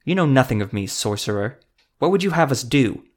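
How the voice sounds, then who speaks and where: A man's voice: medium pitch, expressive, brisk, natural voice. A man voicing a blunt, dismissive scarred female elf commando leader in an audiobook.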